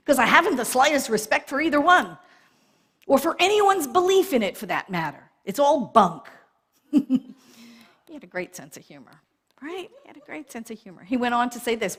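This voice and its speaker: Woman minister, sermon, lively up-and-down delivery, higher voice, laughs often, asks "right?". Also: slightly rough.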